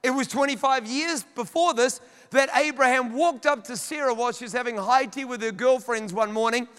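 A male pastor reading scripture and preaching, animated and talking straight to his congregation in a church. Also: extremely high pitch, normal speed, smooth. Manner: animated, addresses the congregation directly. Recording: long hall reverb.

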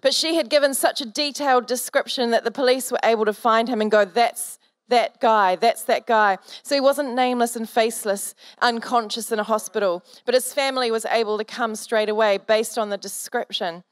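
A woman's voice: on the high side, brisk, few pauses, no room sound, studio quality. A woman pastor preaching a sermon, telling a story earnestly and building to fervent exhortation.

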